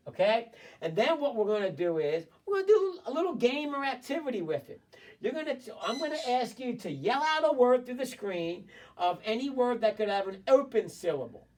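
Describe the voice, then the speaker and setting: A man's voice: high voice, darkish tone. A male teacher giving an online phonics lesson, reading a short story and prompting students with encouraging, repetitive drills. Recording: voice distant from the mic.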